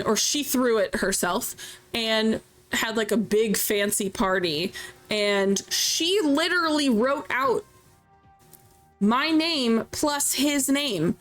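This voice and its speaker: A woman streamer chatting casually while playing a game, telling stories in an animated way. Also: on the high side. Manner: chatty, animated storytelling with laughs. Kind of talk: casual chat while gaming.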